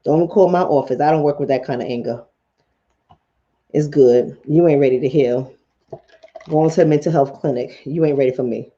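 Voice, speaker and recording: A woman's voice: low-pitched, normal speed, pauses often, mellow, highs cut off. A woman hosting a mental health livestream in casual chat, blunt and profane, talking straight to her viewers. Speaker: mental health talk show host.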